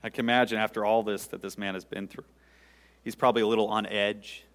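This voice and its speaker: Pastor guy preaching, gets loud then real quiet, long echo like a church sanctuary. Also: flat delivery, fast talker. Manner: dynamic preaching, sudden rises in pitch and volume, dropping to quiet asides. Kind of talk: sermon. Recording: long hall reverb.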